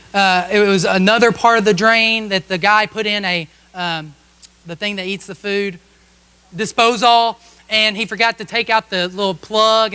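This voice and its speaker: High, bright-voiced pastor telling a funny story. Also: male voice, smooth. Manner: humorous, self-mocking storytelling with frequent "okay?" asides to the congregation. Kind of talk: storytelling sermon. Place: church service.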